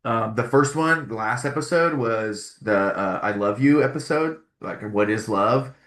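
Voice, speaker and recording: A man's voice: medium pitch, a little slow, a bit bright, echoey room. A man hosting a solo parenting podcast, talking earnestly and casually, often restarting and repeating his phrases.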